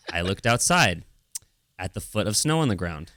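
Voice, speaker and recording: A young man with a low, deep voice tells a story on a podcast, acting out quotes as he goes. The sound is dry and close. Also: sharp tone, no echo. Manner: storytelling with laughs and acted-out quotes. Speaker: podcast co-host. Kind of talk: casual chat.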